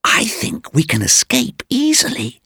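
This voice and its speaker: Storybook heroine, read by a man: higher, light, confident. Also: wildly swooping pitch, a little slow, vocal fry, bright, forceful tone, breathy edge, no room sound, clean studio sound, exaggerated voice. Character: clever young woman sidekick, calm. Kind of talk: graded reader story acting.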